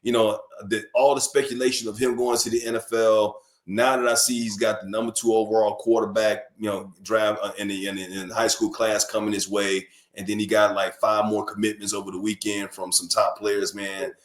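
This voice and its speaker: A man from New York and Alabama, talking casually as a guest on a sports radio show, animated and emphatic, often repeating words when fired up. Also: lowish voice, fairly quick, hardly any pauses. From born in New York, raised in Alabama. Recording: echoey room.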